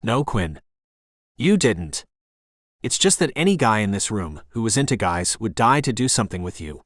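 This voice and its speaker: A confident, easygoing young man, read by a male narrator in an audiobook, reassuring and relaxed. The voice sits fairly low but moves around a lot in pitch, recorded close and dry. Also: moderate pace, dry recording. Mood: earnest. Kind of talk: audiobook character reading.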